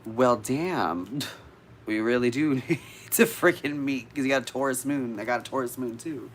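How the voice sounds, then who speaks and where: A man's voice: mid-range voice, normal speed, a little hiss or hum. A man vlogging casually to live viewers about witchcraft, chatty and easily sidetracked, swearing now and then.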